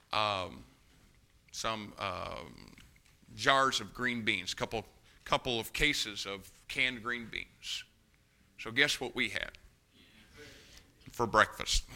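An older man preaching a sermon as pastor, telling homey stories and building to loud, emphatic appeals. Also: mid-range voice. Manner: folksy storytelling, rising to loud emphatic preaching.

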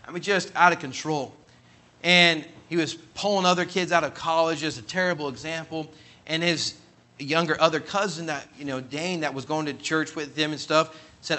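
Bright-voiced man preaching a story. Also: steady tone, moderate pace. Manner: earnest, emphatic, builds to loud high peaks when quoting others. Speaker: pastor. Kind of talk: sermon storytelling.

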